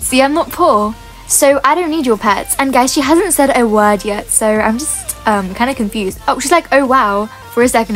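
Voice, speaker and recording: A bubbly young woman with a bright, high voice chats excitedly to her viewers while she plays, gasping and gushing between lines. Faint music sits under her casual commentary. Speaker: gaming YouTuber.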